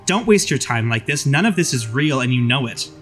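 A man's voice: medium pitch, lively intonation, fairly quick, a bit bright, faint music behind, lightly acted. A man doing a severe, cursing warning voice. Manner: blunt, profane warnings. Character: stern man turning harsh and severe.

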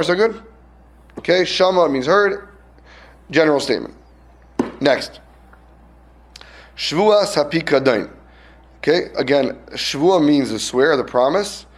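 A man teaching a casual Talmud class, checking in with his students and acting out little scenes to explain a point. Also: a little high. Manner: lively, questions students, acts out little scenes.

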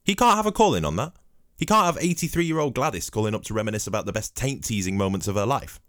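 A man hosts his own podcast from a home microphone, drinking as he tells rambling, cheeky, profane stories in a comedic monologue. His fairly low, slightly bright voice is animated and fast, and the recording is dry and studio quality.

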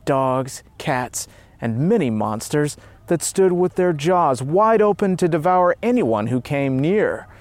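A man telling a story in steady, earnest scripted narration. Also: a little high, no echo.

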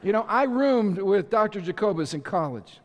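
A male pastor preaches to his congregation in a high, bright-sounding voice. He talks with energy, driving his points home, sometimes shouting, and slips in playful asides. His voice rings with the long reverb of a large church hall. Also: lively intonation, moderate pace. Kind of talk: sermon.

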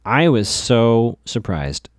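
A man's voice: medium pitch, sing-song, slow pace, no echo, studio quality. A man casually recapping a TV episode, chatty, with lots of fillers, stammered restarts and asides to his listeners.

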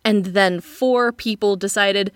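A woman's voice: mid-range voice, steady tone, slow, no room sound. A woman voice actor speaks candidly and pokes fun at herself. Her tone is casual and giggly. The sound is close and dry. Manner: candid, self-deprecating, giggly. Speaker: voice actor guest. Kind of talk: casual chat.

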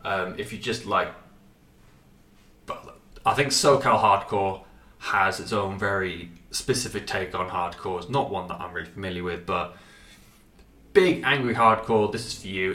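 A man's voice: deep voice, normal speed, a bit bright, far from the mic. Sweary stuffy-nosed man in an echoey room. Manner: rambling and sweary, lots of filler words. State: stuffy with a runny nose. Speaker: music reviewer. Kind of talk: casual album review. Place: cold apartment.

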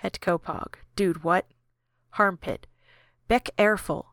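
A woman narrating a podcast, reading a chat log aloud in a deadpan way, usernames and emoticons included. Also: fairly low pitch, slow pace, dry recording, clean studio sound.

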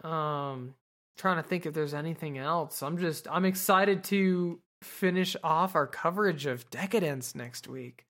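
A woman's voice: low voice, unhurried, a bit bright. A woman podcast host casually recapping an anime episode, rambling and swearing with lots of fillers.

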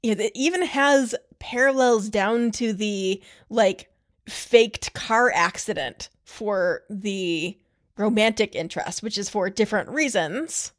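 A woman co-hosting a podcast, chatting casually and laying out ideas quickly. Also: mid-range voice. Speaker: podcast co-host. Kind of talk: casual chat.

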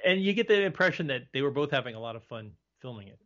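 A man guesting on a casual film podcast, talking in halting bursts with many restarts. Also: mid-range voice, lively intonation, fairly bright tone. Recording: dull lo-fi audio.

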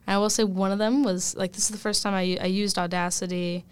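A woman's voice: medium pitch, flat delivery, fast talker, smooth, no room sound. A young woman, a first-year college student, talking casually in an interview, chatty with many fillers and laughs. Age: young adult. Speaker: student guest.

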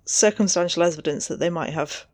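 A woman co-hosting a podcast, speaking in a measured, precise way in casual conversation. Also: lowish voice, darkish tone, dry recording, clean studio sound. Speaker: podcast co-host. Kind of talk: casual chat.

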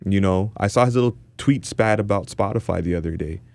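A man's voice: sits low, fairly quick, vocal fry, darkish tone, no echo. A man from Toronto, co-hosting a casual podcast and ranting passionately with lots of restarts. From Toronto, Canada. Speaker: podcast co-host.

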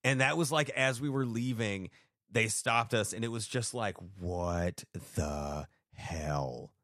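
A man's voice: mid-range voice, normal speed, bright, forceful tone, no echo. Rambling male storyteller, dry close sound. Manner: rambling storyteller, acts out quotes, many fillers. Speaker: podcast co-host. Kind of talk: casual chat.

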